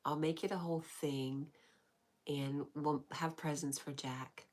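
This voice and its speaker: A woman hosting a livestream, reading out chat messages and answering them in an affectionate, soft-spoken way that often slips into a whisper. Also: sits low, steady tone, unhurried. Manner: warm, affectionate replies with frequent laughs. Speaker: livestream host.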